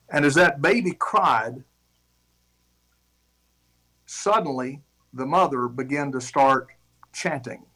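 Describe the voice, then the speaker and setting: A man preaching, retelling a story in an animated, conversational way with shifting pace. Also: fairly high pitch, breathy edge, poor audio. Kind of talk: sermon illustration.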